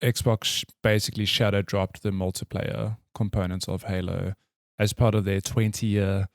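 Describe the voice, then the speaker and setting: A man with a South African accent co-hosting a casual podcast over a call, easily amused and chiming in with quick, playful asides. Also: fairly low pitch, level tone, vocal fry, no room sound, clean studio sound. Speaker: podcast co-host. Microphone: remote call mic.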